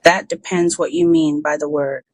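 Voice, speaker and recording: A storyteller voicing a composed, evasive woman official who answers in a calm, measured way, in a dry, close recording of an audiobook. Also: mid-range voice, dry recording, close to an everyday voice, low-quality recording.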